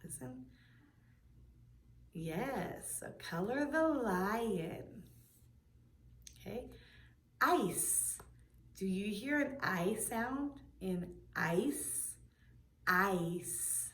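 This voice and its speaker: Slow, patient preschool teacher woman. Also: mid-range voice, expressive. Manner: slow, patient, sounds out words for children. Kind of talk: video lesson for young children. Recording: echoey room.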